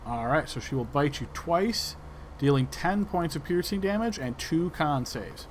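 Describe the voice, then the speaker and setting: A man narrating a tabletop game as its game master, relaxed and casual, with the odd filler. His voice sits a little high for a man. A faint hum runs underneath. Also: a little slow. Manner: relaxed, describing actions with fillers.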